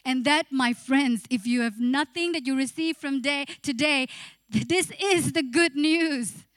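In an unhurried, high-pitched voice, a woman preaches a fervent church sermon, addressing the congregation, voicing inner thoughts as characters, and singing for a moment. The sound is clean studio audio with no echo.

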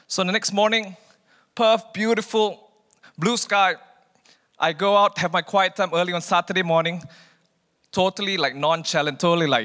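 A man telling his personal faith testimony in an animated way, acting out the dialogue in his story. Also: a little high, moderate pace, long pauses, in a large hall. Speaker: speaker sharing testimony.

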